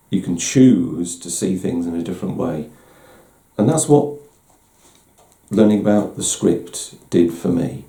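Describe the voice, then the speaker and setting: Man hosting a candid personal talk: middle-aged, deep gravelly dark voice, self-deprecating, slightly echoey room. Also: expressive, a little slow. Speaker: host. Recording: roomy echo.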